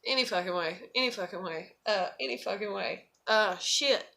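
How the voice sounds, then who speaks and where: A woman's voice: medium pitch, moderate pace, vocal fry, sharp tone. A young woman chatting in a loose, rambling vlog, swearing constantly. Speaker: vlogger. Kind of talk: rambling casual vlog chat.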